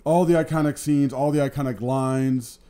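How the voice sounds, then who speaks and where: A man's voice: mid-range voice, fairly even intonation, moderate pace, mellow. A man co-hosting a casual review chat, enthusiastic but full of ums and restarts. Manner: enthusiastic, hesitant with many ums. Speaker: co-host, scare actor.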